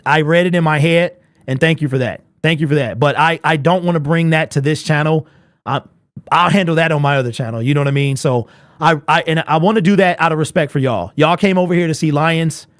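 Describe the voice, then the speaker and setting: A young man hosting a casual sports fan live stream, animated and chatty, answering viewers in chat. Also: fairly high pitch, no echo, clean studio sound. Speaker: host of a fan livestream.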